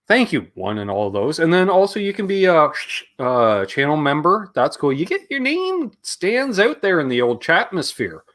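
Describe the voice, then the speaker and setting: A man's voice: fairly high pitch, wildly swooping pitch, normal speed, fairly bright tone. A middle-aged Canadian man co-hosting a live guitar stream, chatting casually and reading out viewer names.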